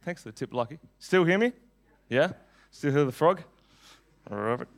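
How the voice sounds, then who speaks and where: A man with a frog in his throat, speaking into a mic in church, moving from a casual chatty opening to slow, earnest prayer and preaching. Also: on the high side, lively intonation. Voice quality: slightly husky. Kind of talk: sermon and prayer. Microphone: handheld mic.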